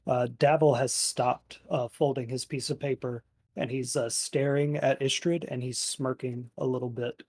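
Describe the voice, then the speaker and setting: A man narrating as game master for a tabletop game, relaxed and full of fillers. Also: medium pitch, normal speed, husky, dry recording.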